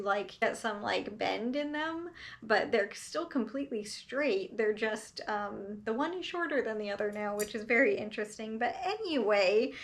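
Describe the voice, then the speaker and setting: A young woman vlogging casually at home about her knitting, chatty with plenty of fillers and little laughs. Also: fairly high pitch. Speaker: crafting vlogger. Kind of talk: casual vlog chat.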